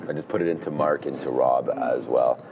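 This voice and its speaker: A man with a low, dark voice worn hoarse after a weekend of yelling. He rambles casually from small talk to stock moves as a live market co-host, with a faint hiss of background noise. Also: brisk. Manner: chatty, rambling, jumps between topics. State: hoarse, lost voice.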